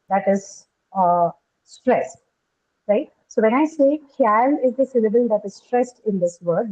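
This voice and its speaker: A woman's voice: mid-range voice, darkish tone, lo-fi sound. A woman with an Indian English accent, giving an English lesson and checking in with "right?" as she explains. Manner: explanatory, asks "right?" often. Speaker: English teacher. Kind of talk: classroom lecture.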